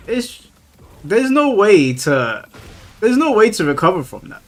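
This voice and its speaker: A man's voice: sits high, very animated, a little slow, soft background music. Ranting man on a live stream. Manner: ranting, profane, exasperated. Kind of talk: casual live-stream chat.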